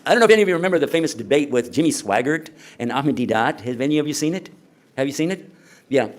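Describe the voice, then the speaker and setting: A man's voice: on the high side, animated, quick pace. A man lecturing at a conference in a conversational way, asking the audience rhetorical questions. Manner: acts out quoted speakers. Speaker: Islamic lecturer.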